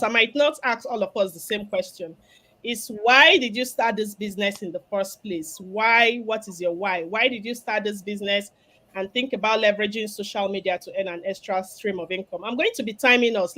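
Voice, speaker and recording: A woman's voice: a little high, a bit bright. A Nigerian woman hosting a live video stream, upbeat and promotional, talking through a cough. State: has a cough. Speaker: host, business mentor. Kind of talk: live stream panel chat.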